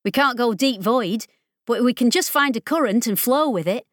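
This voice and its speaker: A woman narrator voicing an angry, foul-mouthed woman specialist who shouts through a machine's speakers. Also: a little high, animated, normal speed, no room sound, clean studio sound, voice pushed up, close to an everyday voice. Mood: urgent. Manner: shouting, swearing, scornful.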